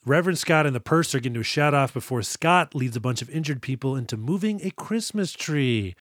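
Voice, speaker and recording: A man trades jokes about a film as co-host of a casual podcast. He laughs often and slips into quick impressions of the characters. His voice sits at a middle pitch and sounds dry and close. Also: lively intonation, a bit bright, dry recording. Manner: jokey, laughs often, acts out lines from the film. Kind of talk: casual movie review banter.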